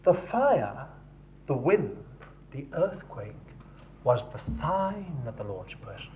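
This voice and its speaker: A man's voice: a little high, sing-song, slow, a little hiss or hum. Man preaching with dramatic swings. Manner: dramatic, swings from hushed to loud emphasis. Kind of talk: sermon. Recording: dull lo-fi recording.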